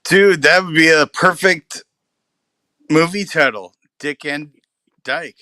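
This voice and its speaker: Man, bright forceful voice, dry close sound, phone call-in guest. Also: on the high side, takes it slowly, no room sound. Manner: laughs a lot, sweary. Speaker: panel guest. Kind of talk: casual chat.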